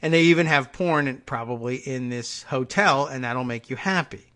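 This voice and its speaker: A man's voice: mid-range voice, moderate pace, sharp tone. A man hosting a political podcast, reading news stories aloud with sardonic, wry asides.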